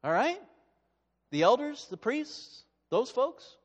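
A male pastor preaching a dramatic sermon, swinging from hushed to loud, in a church sanctuary. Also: extremely high pitch, big pitch swings, slow, big-room sound, muffled recording.

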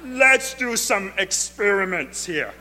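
A man's voice: sits high, sing-song, slow pace, in a large hall, a little hiss or hum, heavily acted. A man voicing God as a breezy, chummy boss with a New England accent. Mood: playful. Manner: jokey, casual, loud.

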